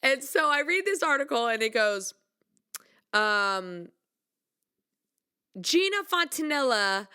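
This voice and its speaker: A young woman from the United States, a singer, telling a funny story in a casual vlog with animated, mock-dramatic delivery. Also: high voice, takes it slowly, pauses often, clear, resonant tone.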